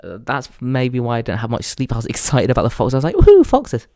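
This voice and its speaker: A man's voice: medium pitch, fast talker, vocal fry, a little mellow, no echo, clean studio sound. A young English man hosting a podcast, talking in a crude, rambling comic monologue and laughing at his own jokes. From England. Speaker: podcast host. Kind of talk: casual comedic monologue.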